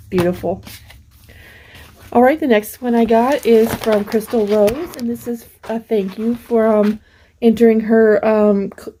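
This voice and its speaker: A middle-aged woman hosting a craft vlog, gently showing off mail she received and gushing over each piece. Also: mid-range voice, rough recording. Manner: slow, gentle, gushing over small things. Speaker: craft channel host. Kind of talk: casual show-and-tell vlog.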